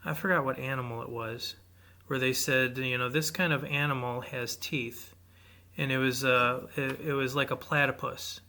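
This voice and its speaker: A man's voice: medium pitch, fairly even intonation, normal speed, sharp tone. A man co-hosting an advice podcast, talking hesitantly and with self-doubt in casual chat. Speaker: podcast co-host.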